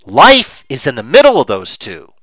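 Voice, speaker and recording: A man's voice: medium pitch, wildly swooping pitch, normal speed, a bit bright, no room sound, low-quality recording. A man hosting a podcast, arguing emphatically and impassioned, with frequent restarts. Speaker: podcast host. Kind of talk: opinionated podcast talk.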